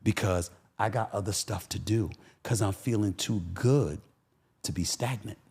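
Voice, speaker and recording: A man talking as a podcast guest, an animated, emphatic storyteller who repeats phrases for punch. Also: on the low side, a little slow, gravelly, husky. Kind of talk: casual interview talk.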